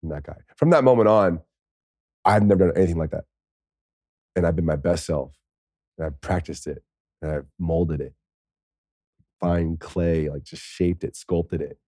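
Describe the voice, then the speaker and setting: An American man in his thirties, a podcast guest, telling stories in a casual, lively way, swearing now and then. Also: deep voice, a little slow, pauses often, dry recording, clean studio sound. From United States. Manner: lively, swears, acts out quoted speech. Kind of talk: casual storytelling.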